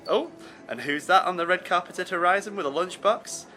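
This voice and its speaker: A man's voice: high-pitched, moderate pace, pushed and bright, soft background music. A man from England presenting scripted sketch comedy in a mock-earnest commentator manner. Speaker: radio presenter.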